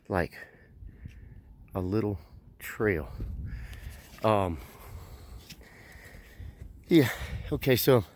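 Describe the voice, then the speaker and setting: A man's voice: medium pitch, darkish tone, slight background noise. A man vlogging while hiking a mountain trail outdoors, out of breath, rambling and swearing freely as he marvels at the views, on a handheld camera. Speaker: truck driver vlogger. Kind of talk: casual vlog while hiking.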